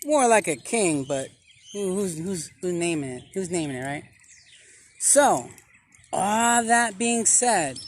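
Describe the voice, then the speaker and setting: A man acting as a self-styled street preacher in a comic vlog sermon, speaking theatrically with dramatic pauses and repeated phrases. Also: sits high, fairly bright tone, a little hiss or hum.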